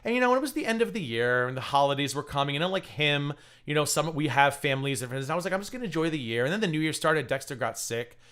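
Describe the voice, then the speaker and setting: A man's voice: a little high, animated, fast, hardly any pauses, a bit bright, smooth. A man hosting a livestream, giving casual drama commentary full of sarcastic, mocking asides. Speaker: livestream host.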